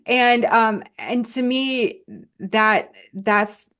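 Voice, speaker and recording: A woman's voice: fairly high pitch, very slow. A middle-aged woman, an author guest on a podcast, talking casually with many fillers and frequent laughs. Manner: warm, laughing, thinks aloud with many fillers.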